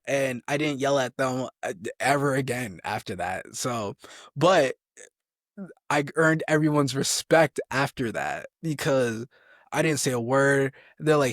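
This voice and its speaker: A man's voice: mid-range voice, a little slow, fairly bright tone, no echo. Young man, soldier guest, rambling storyteller, acts out quotes, dry close sound. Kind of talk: casual storytelling interview.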